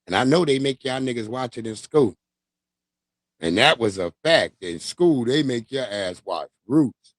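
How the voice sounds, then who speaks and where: A man in his forties hosting a livestream, giving animated, profane casual commentary and laughing often. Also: mid-range voice, a little slow, dry recording, clean studio sound. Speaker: livestream host.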